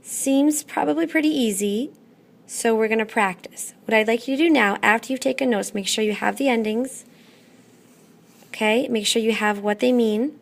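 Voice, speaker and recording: A woman teaching a classroom lesson, patient and methodical, often pausing to check in. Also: on the high side, creaky. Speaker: Spanish teacher.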